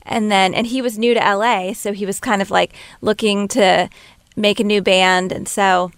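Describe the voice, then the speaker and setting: A woman singer-songwriter telling stories as an interview guest, chatty and quick to laugh, acting out what others said in a lively voice. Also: mid-range voice, clean tone, no echo. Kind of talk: casual interview storytelling.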